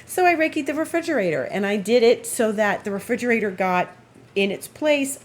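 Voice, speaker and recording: A woman host telling a story in a casual, amused way, chatting at home. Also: lowish voice. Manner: chatty, amused, acts out others' lines in raised voice. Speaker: astrologer and Reiki practitioner, show host.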